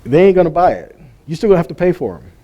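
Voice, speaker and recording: A man's voice: fairly high pitch, sing-song, very fast, warm tone. A man giving an informal sermon teaching, conversational and full of rhetorical questions and chuckling asides. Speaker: Bible teacher.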